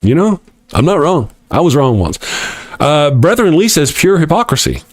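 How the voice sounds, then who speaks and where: A middle-aged man hosts a live atheist morning talk show, reading out viewer comments with mocking irreverence and frequent laughter. His voice is a little high and sing-song at a moderate pace, with no room sound.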